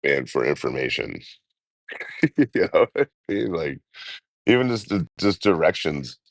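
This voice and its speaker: A man's voice: extremely low pitch, very animated, unhurried, gravelly, no echo. A man, chatting casually and profanely on a travel live stream, laughing often. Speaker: travel vlogger.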